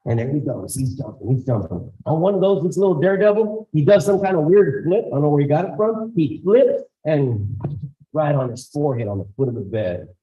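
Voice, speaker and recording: Speaking a little fast in a slightly high voice, a man tells stories to school staff in a school auditorium, acting out the voices of his characters. He's a lively guest speaker, and the recording has its highs cut off.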